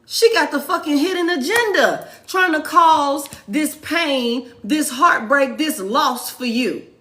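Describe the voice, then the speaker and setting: Woman, tarot reader, casual, profane, emphatic, slow-talking, slightly high voice. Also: expressive, fairly bright tone. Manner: profane, emphatic, repeats phrases.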